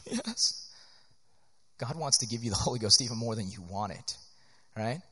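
A pastor teaches church workers, preaching earnestly and animatedly in a conversational style and frequently checking in with "right?" His medium-pitched voice moves a little fast and carries a breathy edge. Long hall reverb colors the recording.

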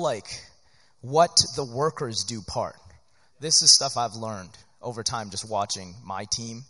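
Earnest preaching man in a reverberant hall. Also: on the high side. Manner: earnest, animated, conversational with frequent "right?". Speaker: pastor. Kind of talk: sermon-style teaching to church workers.

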